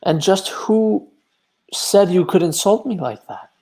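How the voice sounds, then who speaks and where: A man voicing a blunt, quick-tempered male landowner who talks in scorn and mockery, in a stage play read over a video call. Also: high-pitched, lively intonation, warm tone, heavily acted. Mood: indignant. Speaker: actor in a live online reading.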